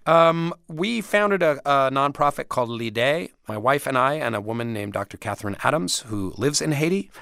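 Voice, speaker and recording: A man's voice: mid-range voice, lively intonation, moderate pace, gravelly, hardly any pauses, a bit bright, dry recording. A man guest in a casual interview, telling rambling, vivid stories with a studio microphone.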